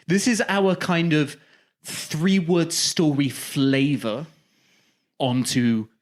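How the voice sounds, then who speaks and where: A man co-hosting a casual comedy podcast, pitching outlandish ideas with mock-salesman bravado. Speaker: podcast co-host.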